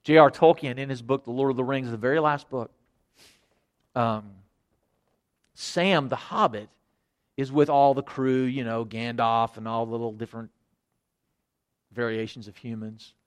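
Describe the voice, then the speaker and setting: A middle-aged man preaching a sermon, earnest, repeating phrases and moving between loud emphasis and hushed quiet. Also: medium pitch, steady tone, normal speed, pauses often. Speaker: pastor.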